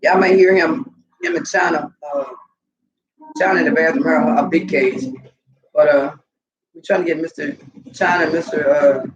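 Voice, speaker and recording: A woman telling animated, profane stories casually to her viewers, laughing often. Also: deep voice, normal speed, pauses often, dull audio, crowd noise. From Southern US. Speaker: vlogger. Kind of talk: casual storytelling to camera.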